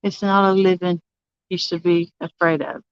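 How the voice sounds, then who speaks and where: Lady livestreaming from her campsite, smooth clear voice, dry close sound, laughs a lot. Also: lowish voice, flat delivery, normal speed, dry recording, lo-fi sound. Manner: chatty, laughs often, greets viewers by name. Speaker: livestreaming angler. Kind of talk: casual live-stream chat. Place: campsite outdoors.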